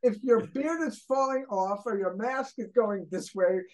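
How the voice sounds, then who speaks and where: An older woman from Brooklyn sits in on a shared interview, adding short remarks and completing the other guest's sentences. Her voice sits in an ordinary middle range, casual and quick to interject. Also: medium pitch, a little mellow. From Brooklyn, USA. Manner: chimes in briefly, finishing her partner's sentences. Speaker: guest, former children's TV host.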